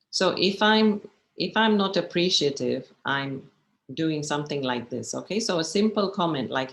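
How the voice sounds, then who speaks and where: Woman meditation teacher, encouraging and chatty, talking over a video call from a roomy, echoey space. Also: low voice. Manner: chatty and encouraging, often checking in with listeners. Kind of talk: online workshop talk.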